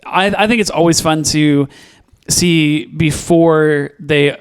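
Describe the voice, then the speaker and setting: A man's voice: on the high side, takes it slowly, clean tone. A man co-hosting a podcast, chatting casually and rambling through restarts and fillers. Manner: rambling, lots of restarts and fillers, laughs easily. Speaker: podcast co-host. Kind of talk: casual podcast review chat.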